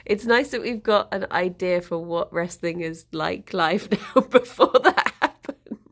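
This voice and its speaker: A woman's voice: lowish voice, a little slow. A woman hosting a casual livestream, chatting to viewers and cooing to her pets with frequent giggles. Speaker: livestream host.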